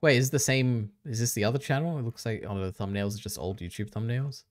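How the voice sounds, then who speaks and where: A man's voice: medium pitch, fairly quick. A man hosting a casual stream, chatting loosely, trailing off and laughing often. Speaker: streamer host.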